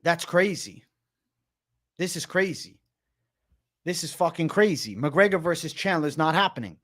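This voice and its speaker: An agitated young man on a livestream, talking in a high voice. He keeps repeating himself and swears a lot, calling his viewers bro. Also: normal speed, pauses often. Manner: excited, repetitive, swearing, addresses viewers as bro. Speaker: livestream host. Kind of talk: livestream commentary.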